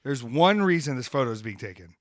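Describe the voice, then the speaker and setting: Very animated and brisk, a mid-range-voiced man who hosts a podcast and wrestles launches into brash, comic, ranting trash talk in a casual chat. The recording is dry and close-miked in a studio.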